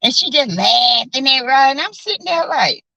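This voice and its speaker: A sassy Southern woman tells stories to her viewers in a bright, lively voice that swings high and low. She swears freely and calls everyone honey and baby. The sound is close and dry. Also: moderate pace, creaky, no echo, dull audio. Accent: Southern American. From South Carolina. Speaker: vlogger chatting with live viewers. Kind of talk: casual storytelling chat.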